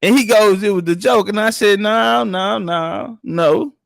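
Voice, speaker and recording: Animated high-voiced man telling stories. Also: unhurried, vocal fry, dry recording. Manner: animated, profane, acts out quoted people. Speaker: podcast guest. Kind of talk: casual storytelling.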